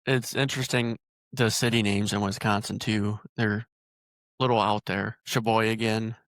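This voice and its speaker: Host: low-voiced Iowa man, ribbing tone, dry close sound. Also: level tone, moderate pace, a bit bright, no echo. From northern Iowa. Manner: teasing, joking. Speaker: podcast host. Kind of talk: casual interview chat.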